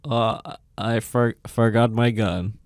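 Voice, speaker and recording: A man doing an improv scene as a stiff Russian man named Vladimir, with a put-on Russian accent and hesitant, halting lines. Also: medium pitch, steady tone, dry recording, clean studio sound, natural voice. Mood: deadpan.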